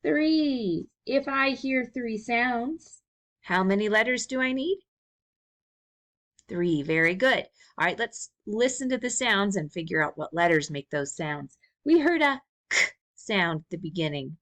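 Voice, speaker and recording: A young woman teaching a recorded first-grade lesson, speaking slowly and encouragingly to small children. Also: medium pitch, sing-song, fairly bright tone. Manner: slow, sing-song, encouraging teacher talk.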